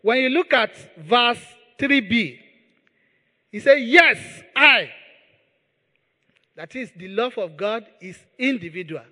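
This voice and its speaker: A man's voice: very high-pitched, expressive, takes it slowly, pauses often, bright, forceful tone, big-room sound. A man preaching a sermon as pastor. He speaks with emphasis, repeats key words and leads the congregation in prayer.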